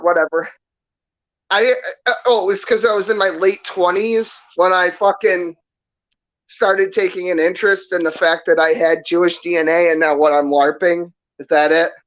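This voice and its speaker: A man's voice: a little high, fairly bright tone. A man in his thirties from New York, ranting defensively with heavy cursing and sarcasm on a stream call. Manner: defensive, profane, sarcastic rant. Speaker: stream guest. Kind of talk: heated casual chat. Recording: dull lo-fi stream audio.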